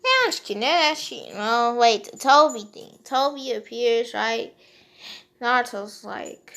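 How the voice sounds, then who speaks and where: Casual woman storyteller, a bit high, rambly, unscripted, filler-heavy, tosses in jokey asides. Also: a little slow, creaky, a bit bright. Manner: rambling, full of "you know" fillers and joking asides. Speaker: fan-fiction storyteller.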